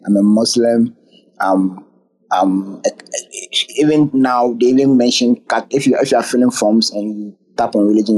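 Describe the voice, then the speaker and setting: A man with a husky, slightly breathy voice speaks in a casual online discussion. He talks in a measured, thoughtful way and often stops to hesitate. His pitch sits in the ordinary middle. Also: a little mellow, low-quality recording. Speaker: room participant.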